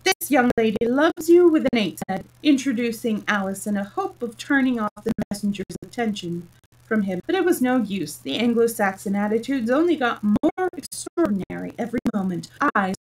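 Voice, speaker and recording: A woman storyteller reading a children's story aloud in steady, plain narration. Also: medium pitch, moderate pace, breathy edge, recorded from a distance, low-quality recording.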